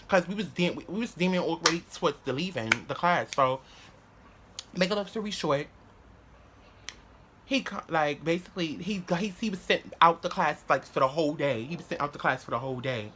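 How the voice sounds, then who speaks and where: A man's voice: a little high, a little fast, background noise. Slangy, profane young man. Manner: animated, slangy, profane, rambling with restarts. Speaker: vlogger. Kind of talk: casual storytelling to camera.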